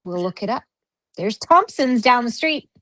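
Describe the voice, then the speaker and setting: A Canadian woman co-hosts a casual podcast and reads out a ghost story. Her voice sits somewhat high. She keeps breaking off her reading to scold her pets, and the recording is dry and close. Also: lively intonation, normal speed, a bit bright, no room sound, poor audio. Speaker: podcast co-host.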